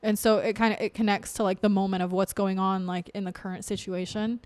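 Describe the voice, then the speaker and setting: A young woman co-hosting a casual book podcast, laughing often and trailing off into quiet, mumbled asides. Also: mid-range voice, level tone, fairly quick, dry recording. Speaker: podcast co-host. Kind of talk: casual chat about a book.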